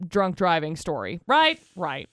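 Wry, clear-voiced female radio co-host. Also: lowish voice, a little slow, no room sound, clean studio sound. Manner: wry, deadpan asides, laughs at stories. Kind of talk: casual radio banter and headline reading. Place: radio studio. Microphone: studio microphone.

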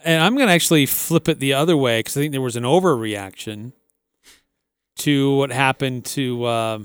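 A man's voice: mid-range voice, normal speed, clear, resonant tone, no echo. A man co-hosting a sports talk radio show, chatting casually and recounting stories. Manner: relaxed, conversational, recounting stories.

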